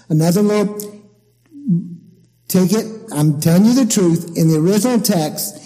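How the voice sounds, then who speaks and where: A man preaching a sermon as pastor, emphatic and deliberate as he explains scripture. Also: high voice, mellow, long reverb tail, rough recording.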